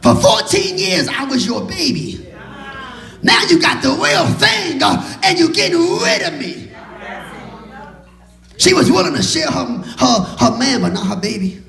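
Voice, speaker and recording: A man preaching a sermon as pastor, shouting his lines and punctuating them with a constant "uh". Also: very high voice, very animated, a little slow, vocal fry. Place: church. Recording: echoey church hall.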